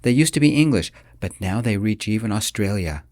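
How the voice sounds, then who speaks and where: A man voicing an excitable young casino dealer who rattles on eagerly in an audiobook. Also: fairly low pitch, fairly quick, no room sound, clean studio sound, natural voice. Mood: excited. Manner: excited, chatty.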